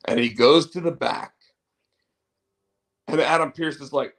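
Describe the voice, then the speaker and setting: A man's voice: fairly high pitch, measured pace, fairly bright tone. A man hosting a show, chatting casually in a rambling, opinionated way. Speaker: show host. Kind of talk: casual wrestling chat.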